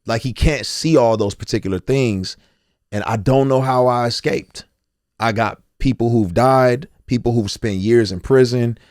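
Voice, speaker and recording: A man's voice: mid-range voice, measured pace, no room sound, studio quality. A man in his forties, a guest telling his life story candidly and acting out the voices of others. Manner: animated storyteller, acts out quotes.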